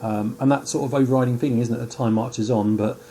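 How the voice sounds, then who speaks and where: A man's voice: medium pitch, steady tone, fast, dark tone, slight background noise. A man discussing a poem in a chatty way, with many fillers and tag questions. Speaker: teacher. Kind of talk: poetry analysis discussion.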